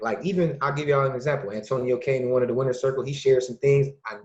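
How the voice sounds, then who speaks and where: A man from Illinois, a podcast guest and youth mentor, talking casually and acting out quoted dialogue with lively changes of voice. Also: mid-range voice, fast, few pauses. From Lake County, Illinois, USA. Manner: lively storyteller who acts out quoted dialogue. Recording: dull lo-fi recording.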